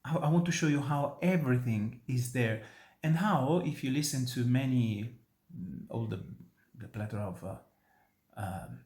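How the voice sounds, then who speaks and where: This opera tenor and voice teacher, a native Italian speaker from Italy with an Italian accent, explains an opera aria to students earnestly and emphatically, often beginning sentences again. His mid-range voice is expressive and a little mellow at normal speed, in an instructional talk on singing.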